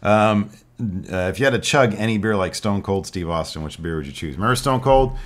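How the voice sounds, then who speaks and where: A man with a very low voice talks in a loose, rambling way, full of fillers. He is a podcast co-host chatting casually. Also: animated, fairly quick. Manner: rambling, laid-back storytelling with fillers. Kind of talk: casual chat.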